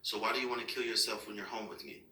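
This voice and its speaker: A man talks as a father in a calm, firm, reassuring way. His low voice has a bright, tense edge. It sounds roomy and distant, picked up away from the mic. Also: rapid-fire. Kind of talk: serious heart-to-heart with a child. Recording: echoey room, mic far off.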